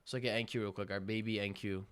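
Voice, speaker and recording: A man's voice: lowish voice, fairly even intonation, quick pace, clean tone. Hyped young man streaming live trades. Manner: hyped, slangy, bursts into loud cheering. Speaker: livestream day trader. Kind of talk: live trading stream commentary.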